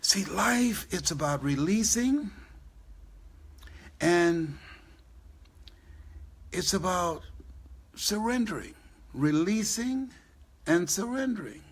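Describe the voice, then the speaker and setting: Gravelly older man giving a motivational talk. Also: sits high, very animated, takes it slowly, pauses often. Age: 70s. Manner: storytelling, laughs at his own jokes. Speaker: motivational speaker. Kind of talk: live motivational speech. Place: on stage before a live audience.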